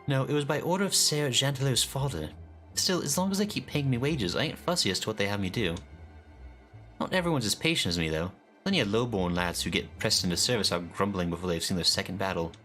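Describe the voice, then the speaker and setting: A man voicing a chatty, low-born male soldier who talks in a folksy way, reading game dialogue aloud. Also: expressive, quick pace, fairly bright tone, soft background music. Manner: folksy, drops his grammar.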